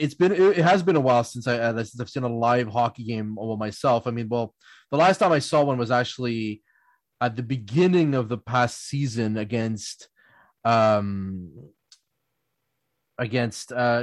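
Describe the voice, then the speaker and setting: A man's voice: mid-range voice, no echo. A man telling rambling anecdotes on a casual podcast panel, often laughing and restarting his sentences. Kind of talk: casual storytelling chat.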